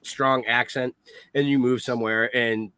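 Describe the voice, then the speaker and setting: A man's voice: mid-range voice, fairly even intonation, normal speed, bright, forceful tone, clear, resonant tone, low-quality recording. A man hosting a podcast, chatting casually with eager interjections and curious questions. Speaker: podcast host. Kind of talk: casual chat.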